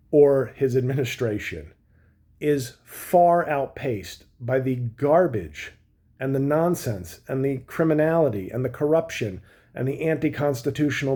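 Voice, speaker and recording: A man, a comedian, delivering a sarcastic political commentary rant with mocking asides and animated bursts of emphasis. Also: mid-range voice.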